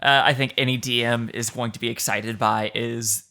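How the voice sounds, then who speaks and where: A man co-hosting a casual podcast chat about tabletop games, enthusiastic and quick to laugh. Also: medium pitch, steady tone, sharp tone. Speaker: podcast co-host.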